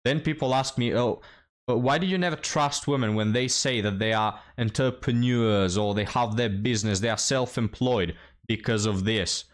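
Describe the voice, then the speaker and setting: A man's voice: mid-range voice, normal speed. A man hosting a reaction commentary, blunt and mocking as he talks to his viewers. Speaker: commentary host.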